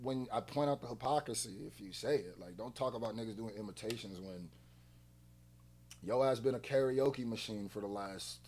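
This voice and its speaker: A man's voice: fairly low pitch, moderate pace, a little hiss or hum. Fired-up man ranting in a reaction video. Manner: heated, profane ranting, often loud. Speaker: music reaction host. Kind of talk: reaction commentary.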